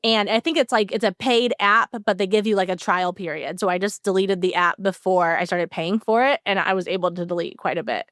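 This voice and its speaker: A woman co-hosting a podcast, telling an animated story in casual chat with lots of "like" fillers. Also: mid-range voice, a little fast, few pauses, no echo, clean studio sound. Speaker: podcast co-host.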